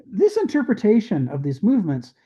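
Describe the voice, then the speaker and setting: A man's voice: sits high, wildly swooping pitch, fairly quick, warm tone, highs cut off. A man giving an unscripted history lecture, thinking aloud with frequent restarts and acting out quoted voices.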